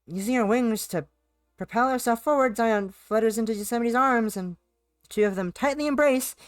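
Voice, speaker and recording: A woman's voice: a little high, moderate pace, no room sound, studio quality. A young adult woman live streaming a visual novel, reading it aloud and chatting in a playful, rambling way that repeats itself and slips into sing-song bits. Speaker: game streamer.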